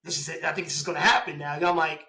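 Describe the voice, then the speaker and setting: Bright, animated man telling his story. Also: a little high, rapid-fire, poor audio. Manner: animated, laughing, acts out quoted dialogue. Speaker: guest, police officer. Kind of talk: casual storytelling interview.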